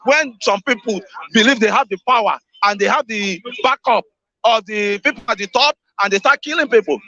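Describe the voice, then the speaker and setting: A man's voice: high-pitched, moderate pace, sharp tone. A man with a Nigerian accent giving an emphatic opinion on a live radio show, asking rhetorical questions and repeating himself. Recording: dull lo-fi radio audio.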